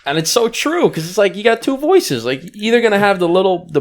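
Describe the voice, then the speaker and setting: Animated man telling stories. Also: high-pitched, a little fast, few pauses. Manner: animated storytelling, acts out quotes. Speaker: podcast co-host. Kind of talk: casual chat.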